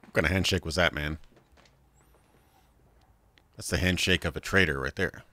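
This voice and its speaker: A man's voice: low-pitched, normal speed, pushed and bright. A man casually commenting as he streams a video game, rambling, laughing often and saying "like" a lot.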